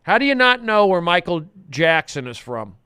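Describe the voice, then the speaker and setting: A man hosting a comedic podcast in a studio, intense and repetitive, swinging from muttering to loud outbursts. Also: high voice, very animated, normal speed, clean tone, no room sound. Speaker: podcast host.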